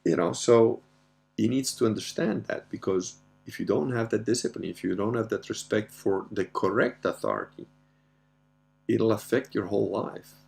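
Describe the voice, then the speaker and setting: Gravelly man telling crude stories. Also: fairly low pitch, moderate pace, darkish tone. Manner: crude, profane storytelling with frequent laughter. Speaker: podcast host. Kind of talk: casual Q&A monologue.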